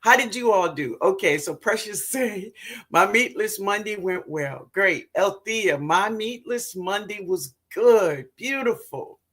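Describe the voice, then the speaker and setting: A woman chats through a livestream at an unhurried pace. Her pitch rises and falls in big, lively swings. She laughs easily and calls her viewers baby, honey and sweetheart as she reads their comments aloud. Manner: excitable and laughing. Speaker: livestream host, gardener. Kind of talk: casual livestream chat, reading comments aloud.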